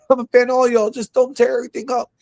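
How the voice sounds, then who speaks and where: A man co-hosts a casual sports chat. He talks loud and profane, jokes constantly, and breaks into shouts. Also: extremely high pitch, level tone, fast talker, gravelly, no echo. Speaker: podcast co-host.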